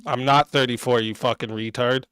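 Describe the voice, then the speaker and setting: A man's voice: mid-range voice, steady tone, moderate pace, fairly bright tone, clean tone, no room sound. A man streaming live, reacting to chat in a crude, combative, mocking way. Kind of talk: livestream commentary.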